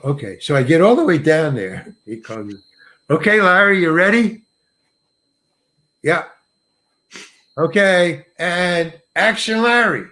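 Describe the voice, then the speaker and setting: An older male actor telling a self-mocking anecdote in an interview, acting out the people he quotes. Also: on the high side. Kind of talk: storytelling in an interview.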